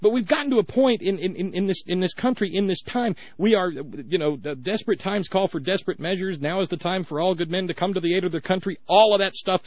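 A man's voice: high-pitched, fast talker, hardly any pauses, no echo, lo-fi sound. A man hosting a political call-in radio show, ranting in a sarcastic, mocking way. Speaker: radio talk show host.

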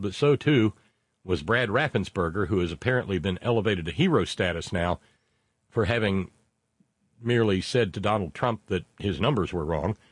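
A man's voice: on the low side, breathy edge, dry recording, clean studio sound. A man hosting a casual political talk show, reading out listener messages in a rambling, sardonic way with many fillers.

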